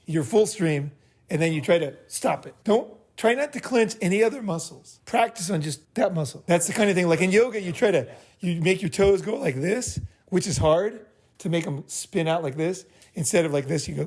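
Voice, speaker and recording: A man's voice: fairly high pitch, a little mellow. A man hosting a group meeting, giving blunt, profane advice in a rambling way and checking in with "right?" after each point. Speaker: host leading a group meeting. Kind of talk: casual group talk, advice.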